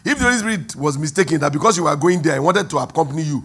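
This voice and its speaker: A man with a Nigerian accent, preaching a sermon as pastor, who swings from quiet asides to loud, drawn-out emphasis. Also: on the high side, husky. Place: church hall.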